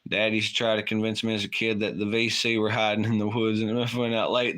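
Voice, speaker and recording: Brief: casual late-night streamer guy, swears freely and rambles, with a bright, edgy tone. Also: lowish voice, monotone, a little fast, hardly any pauses. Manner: rambling, profane, laughs often. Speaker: livestream co-host.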